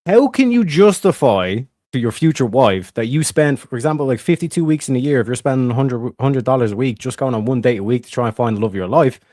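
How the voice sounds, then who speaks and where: A man's voice: mid-range voice, expressive, quick pace, few pauses, a little mellow, no room sound, clean studio sound. A man with an Irish accent in a heated live debate, combative and sarcastic, swearing as he argues.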